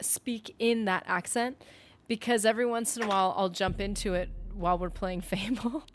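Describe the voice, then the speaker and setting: Against slight background noise, a medium-pitched woman from the northern U.S. chats on a game stream. Her talk is rambly and full of "like" and self-interruptions, and she reads viewer comments out loud.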